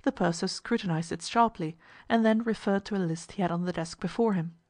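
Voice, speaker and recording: A woman's voice: fairly low pitch, a little fast, a little mellow, no room sound. Woman reading a story, dry sound. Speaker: narrator. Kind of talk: scripted story narration.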